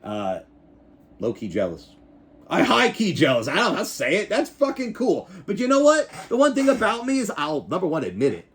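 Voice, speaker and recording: A man in his forties talks straight to camera in a casual vlog, rambling and swearing freely. His pitch swings widely as he gets worked up, and he keeps circling back to the same points with a hyped, excitable energy. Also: a little fast. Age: 40s. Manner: animated, rambling, profane, hyped. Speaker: YouTuber and backyard wrestling show host.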